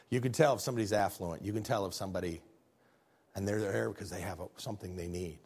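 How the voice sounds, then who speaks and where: A man preaching a sermon as pastor, in a lively, conversational way, acting out the people he quotes. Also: sits low, fast, breathy edge. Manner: animated, conversational preaching that acts out quoted figures.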